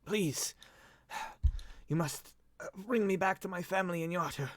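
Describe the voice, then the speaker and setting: A man voicing a weak, confused young nobleman in a tabletop game, his voice cracked and broken as he pleads haltingly. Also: sits high, a bit bright, dry recording, voice pushed up. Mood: pleading. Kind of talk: tabletop role-play.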